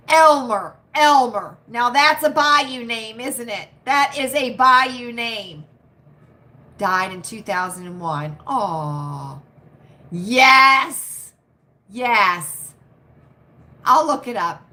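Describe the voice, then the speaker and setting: Woman host, casual live chat, chatty, repeats herself, slow bright voice, fairly high. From United States. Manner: chatty, repeats herself, frequent "right?" tags, laughs often. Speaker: livestream host.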